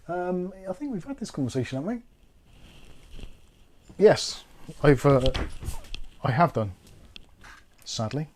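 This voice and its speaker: A man's voice: on the high side, very animated, takes it slowly, long pauses, a little mellow, a little hiss or hum. A man with a Bristolian accent hosting a livestream, chatting casually and thinking aloud while he builds a PC.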